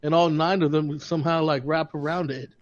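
A man's voice: on the high side, steady tone, a little fast. Rambling laughing man on a dull podcast mic. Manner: rambling, laughing storyteller with stammering restarts. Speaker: podcast co-host. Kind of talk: casual chat.

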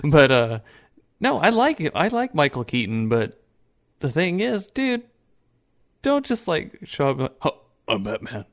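A man's voice: fairly high pitch, unhurried, long pauses. A man co-hosting a podcast, chatting casually with lots of swearing and filler words. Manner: swearing, animated, hesitant with fillers. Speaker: podcast co-host. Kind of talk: casual chat.

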